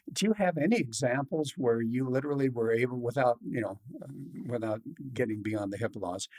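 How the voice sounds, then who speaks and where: A middle-aged man hosting a podcast interview, talking in an animated way and acting out quoted patients. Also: medium pitch, slightly rough. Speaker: podcast host. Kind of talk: casual interview talk.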